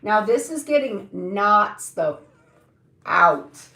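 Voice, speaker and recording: In an echoey room, a woman hosting a live stream demonstrates stretches, chatty and joking, with loose, slangy, drawn-out speech. Her medium-pitched voice is sing-song and gravelly, sounding pushed and bright.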